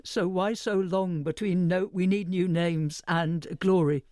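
High-voiced male book show host. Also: fairly even intonation, a little mellow, no echo, clean studio sound. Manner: measured, introducing readings and questions. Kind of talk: book discussion hosting.

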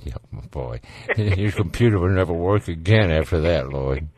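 Deep-voiced easygoing male radio host. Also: lively intonation, normal speed, a little mellow. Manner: easygoing, joking, chuckles often. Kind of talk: casual call-in radio chat.

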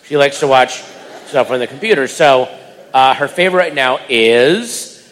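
A man doing stand-up, telling a family story and switching into loud voices for the people in it. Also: mid-range voice, normal speed, big-room sound, slight background noise. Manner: animated, breaks into loud voices for others. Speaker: stand-up comedian.

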